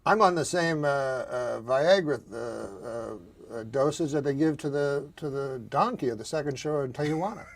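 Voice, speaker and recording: A man in his forties chatting on a talk show in a deadpan, self-mocking way. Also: mid-range voice, normal speed, creaky, hardly any pauses. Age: 40s.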